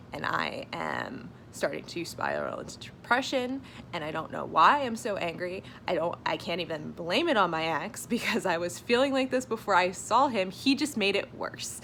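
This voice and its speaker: Her voice lowish, creaky and fairly bright, a young woman talks openly in a relaxed home vlog, leaning on lots of filler words and sometimes slipping into a whisper. A faint hiss or hum sits under the audio.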